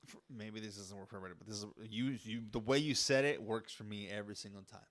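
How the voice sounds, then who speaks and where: A man's voice: fairly low pitch, quick pace. A man co-hosting a podcast in a casual chat, easygoing and agreeable, laughing often. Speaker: podcast co-host.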